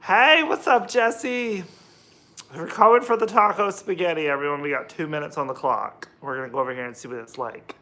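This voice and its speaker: A man's voice: a little high, fairly quick, sharp tone. A young American man chatting casually on a livestream while cooking, rambling and greeting viewers by name. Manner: rambling, chatty, reads out chat names. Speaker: livestream host.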